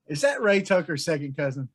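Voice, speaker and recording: A man's voice: a little high, a bit bright, husky. Chuckling man co-hosting a podcast. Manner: chatty, chuckling, agreeable. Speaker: podcast co-host. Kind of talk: casual chat.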